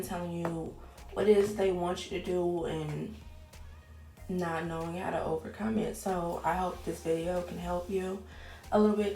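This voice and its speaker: A woman's voice: lowish voice, darkish tone. A woman, candidly chatting to camera in a casual vlog, swearing now and then. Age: 20s. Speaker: vlogger. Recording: echoey room with faint music.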